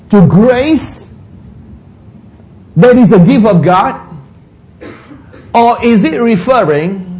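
Male pastor, high and animated voice, unhurried, leans on repetition for emphasis. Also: low-quality recording. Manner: deliberate, rhetorical questions, emphatic repetition. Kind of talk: sermon. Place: church.

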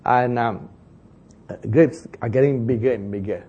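A man preaching a sermon in an animated way, chuckling as he talks and acting out the lines he quotes. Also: mid-range voice, moderate pace, slightly rough, muffled recording. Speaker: pastor.

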